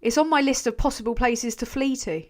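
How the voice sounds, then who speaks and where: A woman's voice: fairly high pitch, fairly quick, a little mellow, slight background noise. Rambling, sweary woman streamer. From England. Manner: rambling, sweary, self-mocking, trails off mid-sentence. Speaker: channel host. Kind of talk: casual live-stream chat reading viewer comments.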